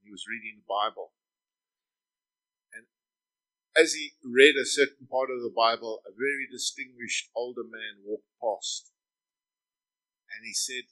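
A male pastor preaching a sermon in church, reading psalms slowly and then exhorting with emphasis. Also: mid-range voice, sharp tone, poor audio.

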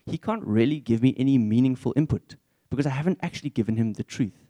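A man's voice: medium pitch, fast, hardly any pauses, warm tone. A young man preaching a candid, conversational sermon in church.

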